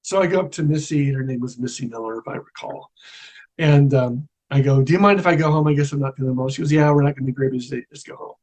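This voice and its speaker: A middle-aged man telling a personal spiritual story in a casual, animated way, acting out the voices he quotes. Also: mid-range voice, quick pace. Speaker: guest telling his near-death story.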